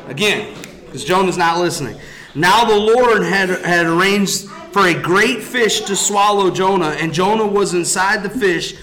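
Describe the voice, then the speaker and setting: Lively man leading a Bible study. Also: high voice, a little slow. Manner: lively storytelling, retells scripture casually. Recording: echoey room.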